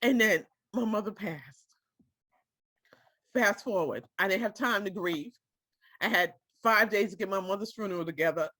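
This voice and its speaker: Speaking at a normal speed but with long pauses, a woman shares a personal story with a small group, her voice medium in pitch and fairly bright. She is direct and emotional and keeps making sure her audience follows her. The recording is dry and of studio quality.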